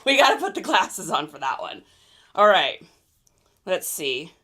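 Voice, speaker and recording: A young adult woman hosting a casual livestream, chatty and excitable, laughing often. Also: on the low side, measured pace. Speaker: reseller livestream host.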